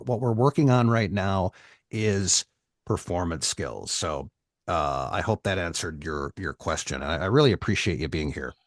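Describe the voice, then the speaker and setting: A man hosting an online voiceover class, explaining things in a relaxed conversational way. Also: lowish voice, no room sound, clean studio sound.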